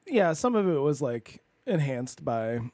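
A man co-hosting a podcast in casual chat, trading quick jokes and short interjections. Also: on the high side, big pitch swings, warm tone, no room sound. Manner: quick, joking back-and-forth with short interjections. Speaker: podcast co-host.

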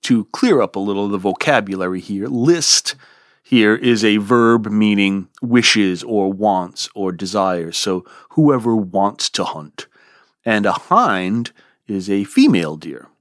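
A man giving a podcast lecture on poetry in an expressive, lively way, relishing the verse. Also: lowish voice, slow, no room sound, clean studio sound. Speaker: literature lecturer.

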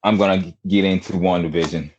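A man's voice: deep voice, fairly even intonation, fast talker, lo-fi sound, slight background noise. A man hosting a podcast in casual chat, rambling with lots of fillers and restarts over an online call. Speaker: podcast host.

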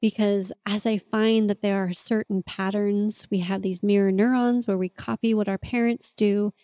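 A woman's voice: mid-range voice, steady tone, normal speed, dark tone, no room sound. A woman hosting a podcast, talking in an earnest, open and confessional way in a reflective monologue. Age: adult parent. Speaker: podcast host and mentor.

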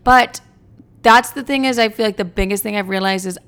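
A woman's voice: mid-range voice, fairly quick, a bit bright, clear, resonant tone. A woman in her twenties hosting a podcast, chatting in a blunt, profane, rambling way. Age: 20s. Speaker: podcast host. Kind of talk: casual confessional chat.

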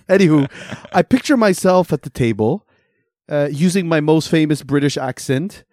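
A man's voice: fairly high pitch, lively intonation, a little slow, pauses often, darkish tone, no echo, clean studio sound. A man co-hosting a casual chat, spinning a playful story and laughing often. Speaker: podcast co-host.

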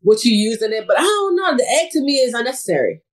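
A woman's voice: fairly high pitch, very animated, fast. A woman guest on a podcast, chatting about cooking in a laid-back, easygoing way. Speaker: guest, food content creator. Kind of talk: casual podcast chat.

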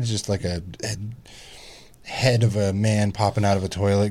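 A man in his thirties chatting casually as a podcast guest, telling family stories animatedly, swearing freely and mimicking squeaky kid voices. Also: level tone, normal speed, a little mellow. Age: 30s. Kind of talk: casual chat.

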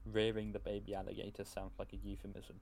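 A man's voice: fairly low pitch, completely flat delivery, fast, creaky, crowd noise. A man co-hosting a casual podcast, joking and laughing a lot. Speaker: podcast co-host. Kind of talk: casual chat.

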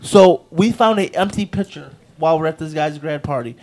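A young man in casual chat among friends, telling a rowdy story loudly and acting out what people said. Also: on the high side, normal speed. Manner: loud, animated storyteller, acts out quotes.

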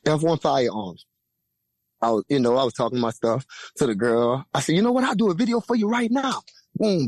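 A young man with a Louisiana accent tells a long story on a podcast, swearing freely and jumping into the voices of everyone in it. His voice sits fairly high for a man and swings widely in pitch. The recording is dry, with almost no room sound. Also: husky, no echo. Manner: lively, profane, acts out quoted voices with big pitch jumps. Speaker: podcast guest. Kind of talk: animated storytelling.

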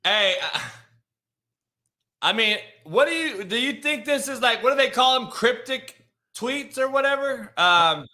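A man's voice: very high-pitched, animated, a little slow, sharp tone. A man hosting a casual sports talk show, laid-back, swearing freely and restarting his sentences. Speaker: podcast host.

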